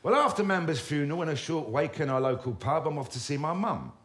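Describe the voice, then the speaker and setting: Wry, animated storyteller, man. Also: a little high, fast. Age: 50s. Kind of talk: comic autobiographical storytelling.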